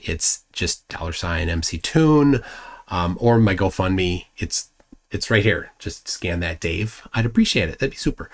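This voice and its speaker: Rambling man live-streaming, lowish voice. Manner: rambling, full of fillers and restarts; mocking asides to a rival. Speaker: livestream host. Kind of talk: casual live-stream chat.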